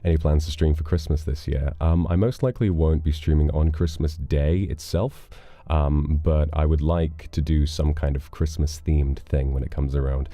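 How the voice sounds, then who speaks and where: A man with an extremely deep voice and a dark, mellow tone talks in a relaxed, playful way, reading donations and chatting with viewers. His voice sounds dry and close to the mic, with faint music underneath. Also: moderate pace, dry recording. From United Kingdom. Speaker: livestream host reading donations. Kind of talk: casual chat.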